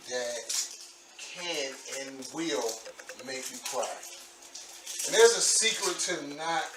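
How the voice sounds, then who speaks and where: Man, home cook, loose and chatty, recorded off-mic in a roomy kitchen. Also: heavy background noise. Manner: chatty, relaxed, says "boom" while chopping. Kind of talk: casual cooking demo. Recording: echoey kitchen, far from mic, loud frying.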